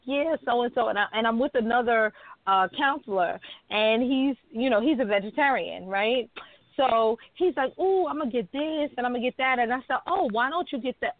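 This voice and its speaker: Woman cohost telling a funny story, laughing a lot, cussing, slightly high voice, tinny and dry. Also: no room sound. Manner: animated, laughing, profane storyteller. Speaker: co-host. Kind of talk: casual radio chat, storytelling. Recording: dry phone-like sound.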